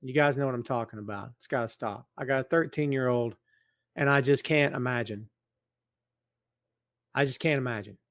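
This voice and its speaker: A man's voice: mid-range voice, normal speed, long pauses, a bit bright, dry recording, studio quality. A middle-aged man hosting a live stream, greeting viewers by name and teasing them, then speaking earnestly. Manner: serious, earnest appeal. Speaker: podcast host. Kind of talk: casual live-stream chat. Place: large empty building. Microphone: in front of a camera.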